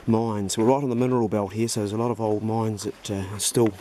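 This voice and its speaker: With a fairly low, steady voice and a fast pace, this older Kiwi man talks easily as he hunts pigs with his dogs in the hill bush. The channel host is relaxed and chatty, sometimes breaking into loud praise for his dogs.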